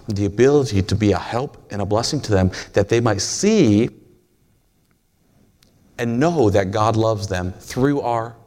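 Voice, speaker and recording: A man's voice: on the low side, a little mellow. A man preaching a sermon in a folksy, storytelling way, joking with the congregation.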